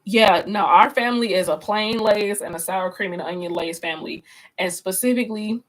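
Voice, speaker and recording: A woman's voice: medium pitch, normal speed, rough recording. A woman instructor leading a live online class discussion in a chatty, conversational way, often restarting her sentences and speaking directly to her viewers. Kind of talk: casual live-stream class talk.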